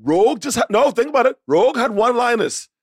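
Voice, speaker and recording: A man co-hosting a podcast, telling stories excitedly and swearing. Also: very high-pitched, quick pace, husky, dry recording, studio quality. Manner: excitable storyteller, profane. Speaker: podcast co-host. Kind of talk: casual banter.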